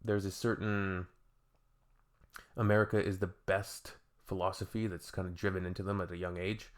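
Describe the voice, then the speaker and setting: A man's voice: low-pitched, flat delivery, normal speed. A man hosting a reaction channel, chatting casually in a laid-back, sarcastic way. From Canada.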